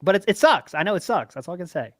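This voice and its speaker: A man hosts a relaxed livestream podcast and reads out chat messages and tips. He laughs easily and rambles a little. His voice is dry and close to the mic. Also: sits high, quick pace, no echo. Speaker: host.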